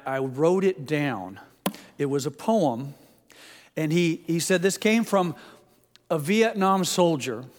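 An older man preaching a sermon in an earnest, conversational way, with small restarts. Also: on the high side. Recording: echoey hall.

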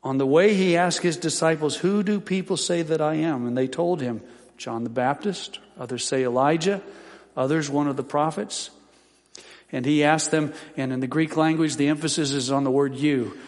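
A man's voice: fairly high pitch, moderate pace, long reverb tail. A man preaching a sermon as pastor, teaching scripture in a folksy way with joking asides.

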